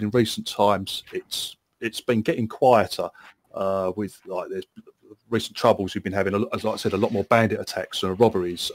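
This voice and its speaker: A man's voice: on the low side, dry recording. A man, narrating and running a tabletop game as game master, stumbling through restarts and laughing often.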